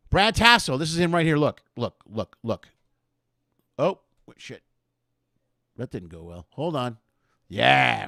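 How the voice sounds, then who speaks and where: A man's voice: a little high, vocal fry, fairly bright tone, no echo, clean studio sound. Rambling male live-stream host. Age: 50s. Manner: rambling, lots of fillers, greets viewers by name. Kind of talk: casual live-stream chat.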